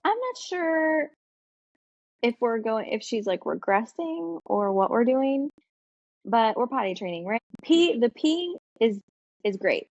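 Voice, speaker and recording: A woman's voice: a little high, very animated, takes it slowly, darkish tone, dry recording. Woman, podcast co-host, casual chat, filler-heavy storytelling, dry, slightly muffled sound. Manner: chatty storytelling with frequent fillers and laughs.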